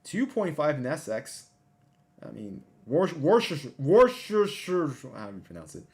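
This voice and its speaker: A man hosting a casual livestream, talking over a map and reading out numbers, excitable and often repeating himself. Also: mid-range voice, normal speed. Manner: excitable, exclamatory, repeats phrases. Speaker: livestream host.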